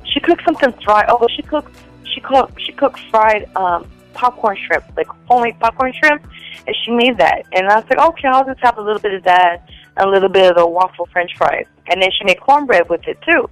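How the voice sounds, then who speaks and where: A woman telling rambling stories in a casual chat, full of "like" fillers and animated quotes of other people. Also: medium pitch, fairly quick, faint music behind, poor audio.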